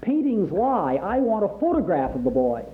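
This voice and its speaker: A man's voice: high-pitched, huge pitch swings, normal speed, pitched above the performer's own voice. A man reading the part of an arrogant, sarcastic spaceship captain, speaking sternly. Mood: scoffing. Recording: tinny phone-like sound.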